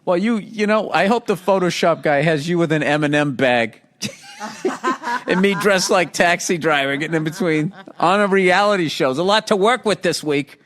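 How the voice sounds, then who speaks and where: A man with a Boston accent tells a story in casual podcast chat. His pitch sits a bit high, and he swears freely. He is animated and laughs often. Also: normal speed. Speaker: podcast host.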